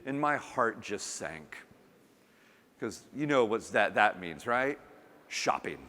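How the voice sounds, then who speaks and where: A man delivers a keynote in a big conference hall, and his voice carries a long reverb. He tells a funny personal story with a lively, swinging pitch and acts out the quotes. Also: slow pace. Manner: animated, humorous storytelling with acted quotes. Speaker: conference speaker.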